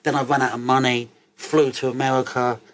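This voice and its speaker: A man, an interview guest telling stories in a loose, sweary, animated way and laughing as he goes. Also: medium pitch, brisk. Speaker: interview guest, cannabis entrepreneur. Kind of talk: casual interview storytelling.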